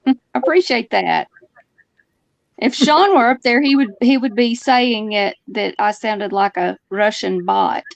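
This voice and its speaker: A woman's voice: on the high side, unhurried, creaky, no echo. A woman with a Southern Alabama accent chatting casually as a guest on a call, friendly and laughing easily. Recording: dull dry call audio.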